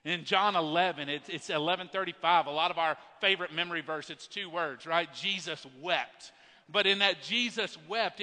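A man's voice: fairly high pitch, bright, forceful tone. A male pastor preaching an earnest, emphatic sermon to his congregation, often restarting his words. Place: large church worship center. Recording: long hall reverb.

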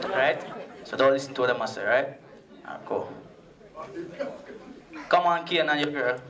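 A man's voice: a little high, wildly swooping pitch, slow, pauses often. A man doing playful crowd work on stage, teasing an audience member with suggestive banter. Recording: amateur live recording from far off, crowd noise.

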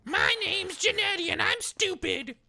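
A woman role-playing an unhinged, shrill young troublemaker in a video game, screaming for help and mocking others in a high sing-song voice. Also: lively intonation, a little slow, gravelly, crowd noise, heavily acted. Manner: screams for help in mock panic.

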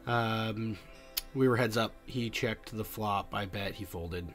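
A man giving voice-over commentary on his poker hands, halting and full of fillers. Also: fairly low pitch, a bit bright, faint music behind. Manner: halting, many fillers and restarts. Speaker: poker vlogger.

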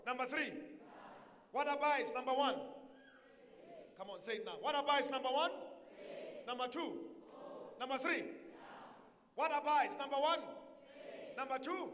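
A male pastor preaching with emphatic call-and-response, drilling his congregation with repeated questions. His voice sits very high and rings bright and forceful. The sound carries a long reverb from a church hall. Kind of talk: sermon.

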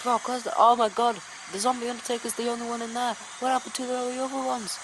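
An excitable woman calls wrestling play-by-play in a fairly high voice, breaking into sudden exclamations. A steady hiss sits under the recording. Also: fast talker. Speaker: commentator. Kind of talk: play-by-play wrestling commentary over a video game.

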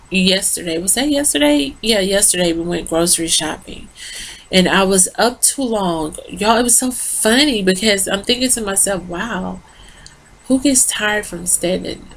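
A woman's voice: medium pitch, lively intonation, measured pace, fairly bright tone. A tired woman rambling through a casual lipstick review into her phone, talking straight to her viewers. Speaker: beauty vlogger.

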